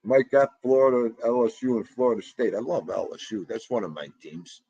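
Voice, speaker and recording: With a dark, husky, medium-pitched voice, a middle-aged man speaks briskly and with lively intonation. He hosts a livestream, casually chatting, laughing, and replying to viewers in the chat. The audio sounds dull, with no room sound.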